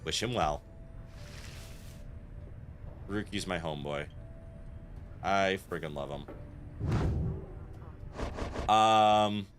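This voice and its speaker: A man's voice: low-pitched, extremely slow, pauses often. A man streaming a game, chatting playfully with viewers and reading the game's text aloud. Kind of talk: casual gameplay commentary. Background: faint game music.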